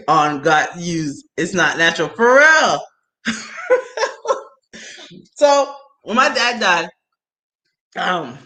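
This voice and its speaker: A woman telling a personal story in casual chat, animated and laughing often, her voice jumping to loud shrieks when excited. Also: mid-range voice. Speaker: host.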